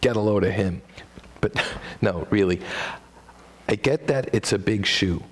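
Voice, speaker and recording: This one-man stage monologue comes from a man with a Midwestern American accent who talks a little slowly. He trades in wry, self-deprecating dad jokes, jumping his pitch for comic effect.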